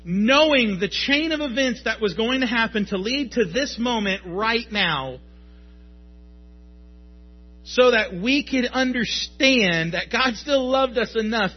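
Male pastor, thirties: high husky voice, emphatic sermon delivery, dull lo-fi sound. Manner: emphatic, rising to shouts at peaks.

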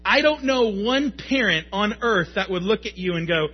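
A man in his thirties preaches with emphatic force, now and then rising to a shout. His voice sits high and a little husky. The recording is dull and lo-fi. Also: lively intonation, normal speed. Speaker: pastor. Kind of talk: sermon.

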